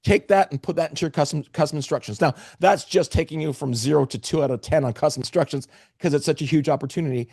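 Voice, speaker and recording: A man's voice: on the high side, fast, vocal fry, a little mellow, no echo, clean studio sound. A man presenting a live webinar, talking to the chat with energy and restarting phrases often.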